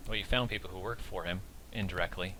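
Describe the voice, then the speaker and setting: A man's voice: low voice, fairly even intonation, fast talker, sharp tone, a little hiss or hum. A man voicing a captive male orc drug dealer who talks in a grumbling, evasive and resigned way.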